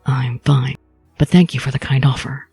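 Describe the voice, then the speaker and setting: A woman voicing a reserved young male swordsman in a low, flat, formal manner. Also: normal speed, breathy edge, faint music behind, exaggerated voice. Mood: stern, reserved.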